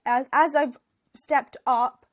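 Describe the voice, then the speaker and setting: A woman author talking as a podcast guest, telling stories in a lively, animated way and acting out what her friends said. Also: high-pitched, takes it slowly. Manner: animated storyteller who acts out what friends said. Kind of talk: casual conversational interview.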